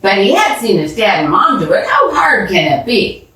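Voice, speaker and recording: A woman telling a children's bedtime story aloud, expressively, pausing to ask the listening children questions. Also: mid-range voice, sing-song, pushed and bright. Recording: echoey room, distant mic.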